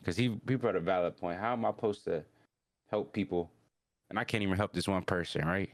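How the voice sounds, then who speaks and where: A man's voice: sits low, fairly quick, no room sound. A man hosting a podcast, casually recapping an anime episode in a rambling, slangy way with lots of restarts. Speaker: podcast host.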